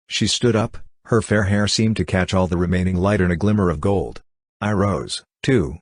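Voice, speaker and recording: Male audiobook narrator, low and husky, measured and somber, dry close sound. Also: dry recording.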